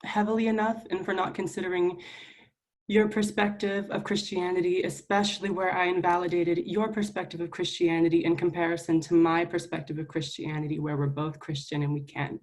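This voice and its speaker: A young woman student senator giving a public apology at a meeting, earnest and halting, close to tears. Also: on the low side, level tone. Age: young adult. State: near tears.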